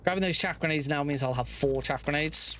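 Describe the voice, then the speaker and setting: A young man talking through his own game speedrun live, chatty and quick to laugh, thinking aloud as he plays. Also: on the high side, pushed and bright, slight background noise. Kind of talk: live gameplay commentary.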